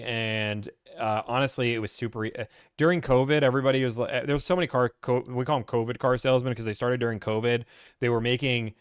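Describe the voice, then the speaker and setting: A man hosting a casual Q&A stream, blunt and ranting, acting out salesmen in quick put-on voices. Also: medium pitch, no echo, studio quality. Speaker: host answering viewer questions. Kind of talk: casual livestream Q&A.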